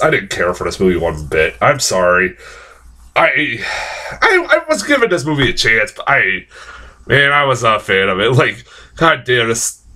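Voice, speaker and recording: A man's voice: mid-range voice, sharp tone. A young man giving a casual, rambling film review, swearing often and getting worked up as he talks.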